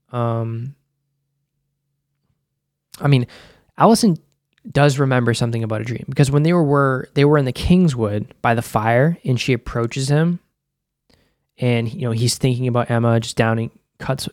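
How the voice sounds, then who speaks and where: A man's voice: medium pitch, a little mellow, dry recording, studio quality. A man hosting a podcast, talking loosely in casual commentary, full of "like," restarts and the odd swear word. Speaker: podcast host.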